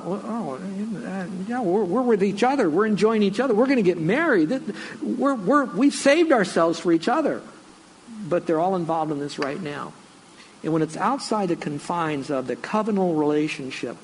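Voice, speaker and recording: Earnest preaching man, slightly high voice. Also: slight background noise, low-quality recording. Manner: earnest, conversational preaching with frequent fillers and restarts. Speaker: pastor. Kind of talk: sermon.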